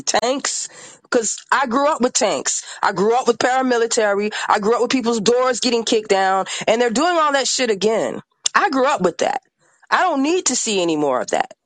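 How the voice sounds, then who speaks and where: Impassioned podcast guest, artist-activist, furious and blunt, dry close mic, mid pitch. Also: a bit bright, no room sound. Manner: angry, emphatic, swears often.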